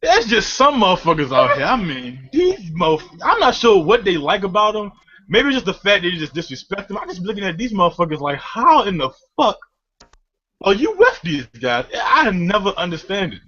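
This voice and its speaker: Guy ranting and cussing on a podcast, really high and all over the place. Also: normal speed, muffled recording. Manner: profane, animated ranting with frequent laughter. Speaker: podcast co-host. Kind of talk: casual comedic rant.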